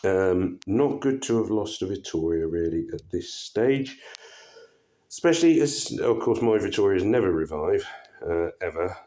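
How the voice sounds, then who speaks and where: A man giving casual commentary over his own puzzle game, relaxed and muttering to himself with frequent pauses and fillers. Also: low-pitched. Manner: relaxed, muttering asides with many ums. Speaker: gaming channel host.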